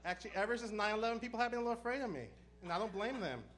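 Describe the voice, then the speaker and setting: A man doing a stand-up comedy set, telling stories with deadpan punchlines. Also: sits high. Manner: deadpan punchlines, brisk storytelling.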